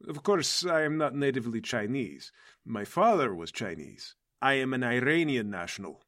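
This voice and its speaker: A big turtle-man smuggler with a Russian accent, played by a man, flat and deadpan. He speaks in a lowered register with a bright, tense edge. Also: moderate pace, natural voice. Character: large male turtle-man smuggler, dry and odd.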